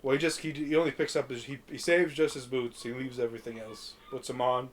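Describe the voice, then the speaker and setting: A man's voice: medium pitch, little pitch movement, brisk, slight background noise. A man casually recapping a film on a podcast, rambling with fillers and swearing freely. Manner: rambling, many fillers, acts out quotes. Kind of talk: casual profane podcast chat.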